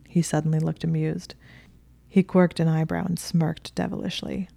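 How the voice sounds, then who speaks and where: A woman narrates a story in a soft voice that often sinks to a whisper. Her voice is low and mellow with a gravelly texture. The recording is close and dry. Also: flat delivery, normal speed, no room sound.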